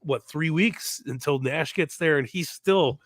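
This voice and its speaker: A man co-hosting a casual wrestling podcast, excitable, laughing often and swearing freely. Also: a little high, a little slow, no room sound. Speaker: podcast co-host.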